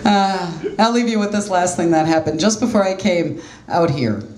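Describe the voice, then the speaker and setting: Self-deprecating stand-up comic mom. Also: female voice, lowish voice, expressive, moderate pace, noisy background. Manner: self-deprecating, conversational storytelling with quoted voices. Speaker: stand-up comedian. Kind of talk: stand-up comedy set. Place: small jazz club stage, live audience laughing. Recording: roomy club sound with faint ambience.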